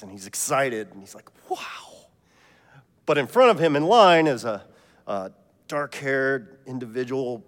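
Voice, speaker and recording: A man preaching a sermon as pastor, telling a joke story in a relaxed, conversational way. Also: medium pitch, long reverb tail.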